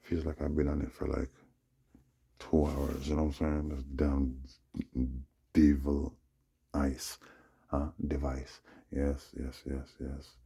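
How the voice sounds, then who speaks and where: A man's voice: rumbling low, completely flat delivery, takes it slowly, vocal fry, pauses often, warm tone, slightly rough. A man in his forties telling a long, meandering story in a slangy, casual way and often checking in with the listener. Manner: slangy, meandering, repeats "you know what I'm saying". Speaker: vlogger. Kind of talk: rambling storytelling monologue.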